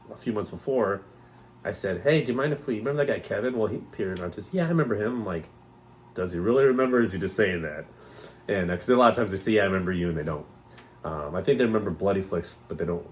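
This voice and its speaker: A man's voice: low voice, slight background noise. A man co-hosting a podcast, telling stories in a rambling casual chat and mimicking other people's voices as he goes. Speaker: podcast co-host.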